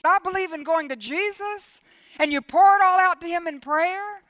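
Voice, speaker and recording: Middle-aged woman preacher, high voice, dry close sound, earnest sermon delivery with hushed asides and repeated phrases. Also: moderate pace, no echo. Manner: earnest, lively, varying between emphatic and hushed.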